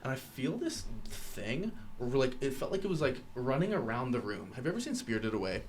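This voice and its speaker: A young man hosting a podcast, telling a vivid story in a casual, animated way and acting out quoted lines. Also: mid-range voice, fairly quick, a little hiss or hum. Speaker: podcast host.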